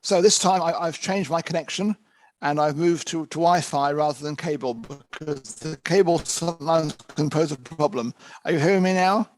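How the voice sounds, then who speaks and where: A man with an English accent giving an online lecture over a video call, in a steady, explanatory way. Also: a little high, moderate pace, low-quality recording.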